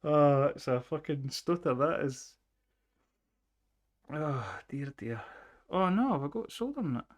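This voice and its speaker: A man's voice: a little high, expressive, measured pace. A Scottish man telling rambling stories in casual stream chat. He swears a lot and tinkers with something as he talks. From Scotland. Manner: sweary, chatty, tells stories while tinkering. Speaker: livestreamer.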